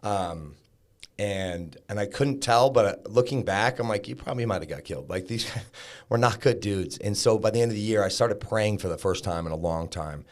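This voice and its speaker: A deep, low-pitched man speaks as a podcast guest. He tells his story candidly and casually, with plenty of likes and blunt language along the way. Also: normal speed. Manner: frank, conversational, peppered with likes and profanity. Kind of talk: candid storytelling about recovery.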